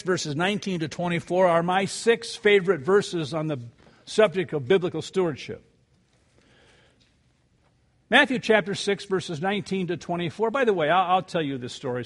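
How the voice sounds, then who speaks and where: An older man preaching a sermon, telling a story with animated rises and quiet asides before reading scripture. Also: a little high, fairly quick. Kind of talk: sermon with anecdote.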